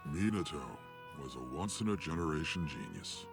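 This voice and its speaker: A wry, aging ninja sage in an anime dub. The voice is extremely deep and crackles with gravel, and the delivery rises and falls with lively, teasing warmth. Music plays clearly underneath. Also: male voice, moderate pace, heavily acted. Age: older. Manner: teasing, reflective. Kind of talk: anime English dub acting.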